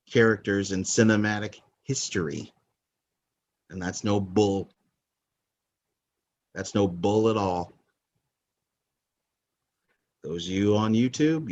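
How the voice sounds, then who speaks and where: A man hosting a movie countdown podcast, talking casually in a rambling, opinionated way that often corrects itself. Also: on the low side. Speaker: podcast host.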